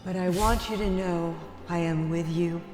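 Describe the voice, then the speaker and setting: A woman's voice: fairly even intonation, moderate pace, darkish tone, echoey room, natural voice. An actress playing the ghost of a doting grandmother in a comedy sketch, speaking sweetly and fondly, with music behind her. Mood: tender. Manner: sweet and doting, then shrill and desperate. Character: ghost of a loving grandmother, turning frantic. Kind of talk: scripted sketch comedy acting.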